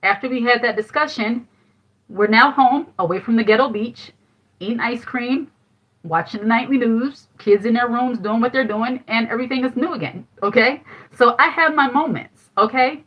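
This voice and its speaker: A woman's voice: fairly high pitch, normal speed. Chatty woman on a dull lo-fi livestream. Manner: candid, chatty storytelling with frequent laughs. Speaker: livestream host giving life advice. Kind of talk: casual livestream chat.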